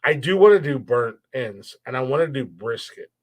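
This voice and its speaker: This American man hosts a comedy podcast, chatting in a playful, joking manner and poking fun at himself. His medium-pitched voice is animated and moves at a normal speed.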